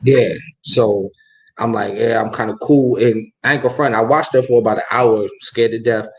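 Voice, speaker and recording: A podcast host in casual chat, asking hesitant, halting questions. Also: medium pitch, steady tone, rough recording.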